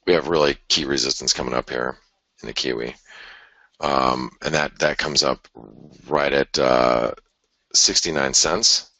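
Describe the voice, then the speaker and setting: A man's voice: extremely low pitch, steady tone, unhurried, sharp tone, no room sound. A man hosting a live forex chart analysis, thinking aloud in a conversational way with sighs and restarts. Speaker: forex market analyst host.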